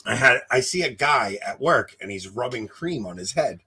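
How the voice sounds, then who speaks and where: A man co-hosting a casual livestream chat, loud and often laughing as he tells stories into a close desk mic. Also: medium pitch, animated, moderate pace, breathy edge. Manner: loud, laughs a lot while telling stories. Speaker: podcast co-host. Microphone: desk mic close to face.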